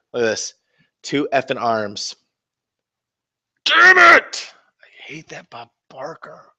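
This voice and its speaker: A man's voice: lowish voice, fairly bright tone. A man hosting a casual miniature-painting livestream, rambling and swearing in a self-mocking way as he talks to viewers. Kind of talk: casual live-stream chat while painting.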